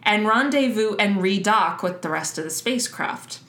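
A woman's voice: mid-range voice, animated, moderate pace, fairly bright tone. A woman co-hosting a podcast, explaining history in a loose, chatty way with lots of fillers. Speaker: podcast co-host. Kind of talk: casual history chat. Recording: roomy echo.

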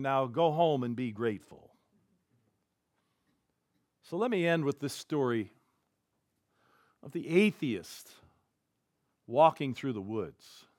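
A man preaching as a pastor, telling a story in an animated way with big swings in loudness. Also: fairly high pitch, dry recording, studio quality. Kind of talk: sermon storytelling. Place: church.

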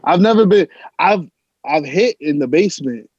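Guy co-hosting, higher voice, teasing the others. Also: animated, moderate pace, darkish tone, slightly rough, no echo, lo-fi sound. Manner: teasing, blunt. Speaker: podcast co-host. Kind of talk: casual banter.

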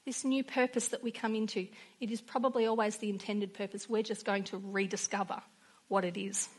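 A woman's voice: mid-range voice, flat delivery, brisk, husky. A woman preaching a sermon in an earnest way, weaving in personal stories.

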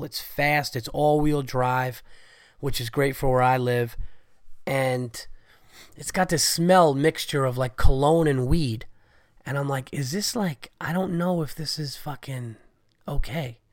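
With a mid-range voice, a podcast host in his thirties chats casually on his own, rambling, cursing and full of enthusiasm despite having a cold. The sound is studio quality, without any room tone.

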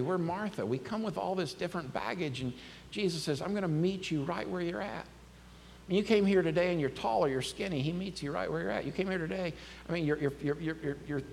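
Male pastor, a touch high-pitched, lively conversational preaching in a long-reverb sanctuary with faint room ambience. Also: brisk, creaky, slight background noise. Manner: conversational, animated preaching with scripture reading. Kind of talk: sermon.

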